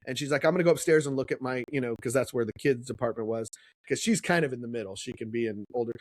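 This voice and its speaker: A man's voice: mid-range voice, fast talker, a little mellow, dry recording. A middle-aged man, a podcast co-host, telling a story in casual chat and acting out the voices he quotes.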